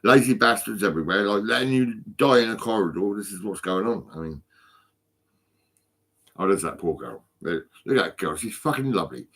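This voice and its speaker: A stoned man talks into his phone in a fairly low voice. He rambles, restarts and stumbles over his words, swearing in nearly every sentence. It is a loose, unscripted vlog. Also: expressive, brisk, a bit bright, husky. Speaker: vlogger.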